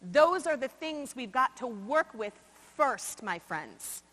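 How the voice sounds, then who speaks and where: A woman from New York giving a motivational keynote at a conference, swinging between loud emphasis and slow, quiet asides. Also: sits high, very animated. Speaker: conference speaker. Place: large conference hall. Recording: long hall reverb.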